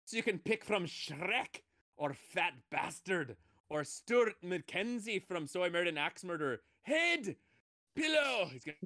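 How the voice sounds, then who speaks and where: A man's voice: high-pitched, very animated, a little slow, bright, forceful tone, dry recording, studio quality. A man hosting a casual chat, rambling and laughing, tossing in playful sound effects. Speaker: podcast host.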